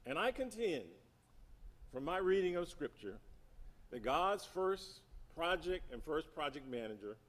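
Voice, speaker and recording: A man's voice: a little high, very animated, measured pace. Emphatic man teaching on church projects. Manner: emphatic, repeats key points and asks the audience questions. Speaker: speaker at a seminary symposium.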